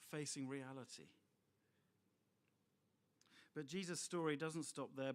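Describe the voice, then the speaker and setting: A middle-aged man preaching a sermon, expressive and full of rhetorical asides to his listeners. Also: fairly high pitch.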